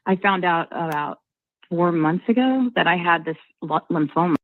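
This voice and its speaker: A woman's voice: fairly low pitch, expressive, normal speed, dry recording. A woman giving a personal account in a casual, hesitant way, with many fillers. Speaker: interviewee. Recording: tinny phone-line audio.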